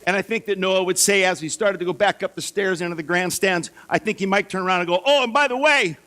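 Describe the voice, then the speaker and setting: A man preaching a sermon, telling Bible stories in a lively way and acting out the voices of the figures. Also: high voice, fast talker. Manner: lively storytelling, acts out voices for biblical figures. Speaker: pastor.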